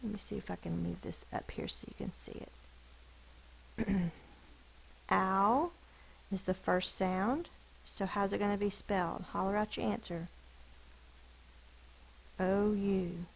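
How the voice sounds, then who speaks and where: A woman teacher giving a phonics spelling lesson, sounding out words slowly and deliberately over a screen recording. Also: medium pitch, vocal fry, slightly rough, rough recording.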